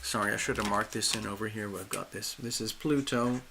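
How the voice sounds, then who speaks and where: A man hosting a live astrology stream, speaking emphatically with drawn-out stresses and restarts while losing his voice. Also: on the low side, creaky, noisy background. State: losing his voice, clearing his throat. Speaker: astrology and tarot livestream host.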